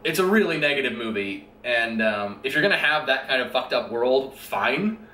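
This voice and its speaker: A man's voice: mid-range voice, very animated, normal speed, sharp tone. A man giving a casual, rant-style movie review in an exasperated, profane and sarcastic way. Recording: roomy echo.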